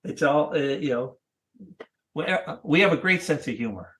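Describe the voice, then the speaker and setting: A man in his sixties, a cartoonist guest, chatting casually in a thoughtful, halting way with many restarts. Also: a little high, animated, a loud crowd. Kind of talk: casual interview chat.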